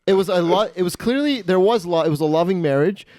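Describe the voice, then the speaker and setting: A man's voice: sits high, animated, fast, dark tone. A man hosting a podcast, telling a rambling, profane comedy story. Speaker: podcast host.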